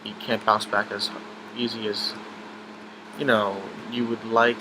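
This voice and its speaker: A young man telling a personal story about his grandfather in a halting, emotional way, with many restarts and fillers. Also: on the low side, level tone, background noise.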